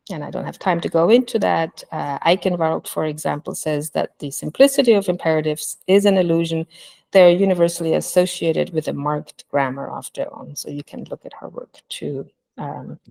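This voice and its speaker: A woman gives an academic talk at an online conference through a computer mic. Her voice sits low and carries a gravelly fry. She thinks aloud with frequent fillers, restarts and "you know.". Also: darkish tone. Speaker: linguistics speaker at an online conference. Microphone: computer mic on a video call.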